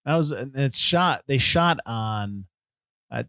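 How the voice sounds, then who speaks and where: A man co-hosting a film podcast, rambling and breaking off his own sentences, quick to laugh. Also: medium pitch, expressive, pushed and bright, clean tone, no echo, studio quality. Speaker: podcast co-host. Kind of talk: casual chat about a film.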